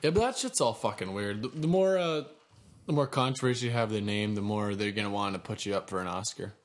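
A man's voice: lowish voice, fast talker. A young man in casual chat, blunt and swearing a lot.

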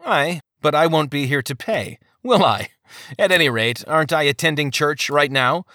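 A man's voice: a little high, expressive, normal speed, bright, forceful tone, no echo, studio quality, voice pushed up. A man voicing a brash young card player who answers curtly and irritably. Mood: sly. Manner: curt, irritable.

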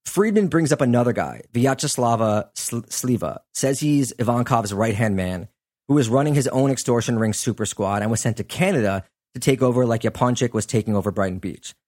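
A man in the middle of his range hosts a podcast, recounting a story in relaxed, chatty fashion. He fills his telling with asides and small tangents, keeping it loose and conversational. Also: mid-range voice, fairly quick. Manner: conversational, chatty, lots of "like" and "you know" asides. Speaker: podcast host. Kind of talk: casual storytelling chat.

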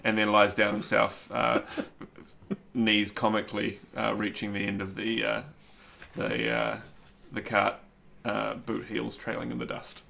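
Gravelly, bright-toned man player. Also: fairly low pitch, level tone, unhurried. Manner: dry, joking, many fillers. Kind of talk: tabletop role-play.

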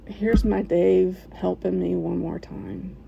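A woman sharing an emotional personal story, halting at times, with fillers, restarts and soft laughs. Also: on the low side, steady tone, vocal fry, lo-fi sound, a little hiss or hum.

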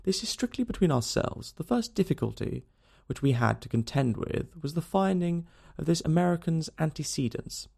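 A man's voice: a little high, expressive, normal speed, vocal fry, darkish tone, breathy edge, voice pushed up, exaggerated voice. A man reading an audiobook, voicing a pompous, self-satisfied middle-aged police detective. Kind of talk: audiobook character voice.

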